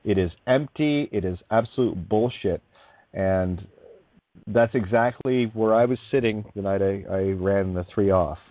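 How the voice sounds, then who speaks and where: A man's voice: on the low side, measured pace, dry recording, phone-quality sound. A man hosting a talk radio show, stressing his points emphatically.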